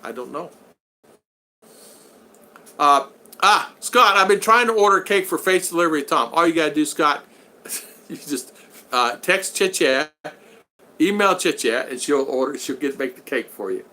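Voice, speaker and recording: A man's voice: a little high, expressive, measured pace, pauses often, bright, forceful tone. A middle-aged man hosting a casual live stream, chatty, laughing often and thanking viewers over and over. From Florida. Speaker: live stream host reading super chats.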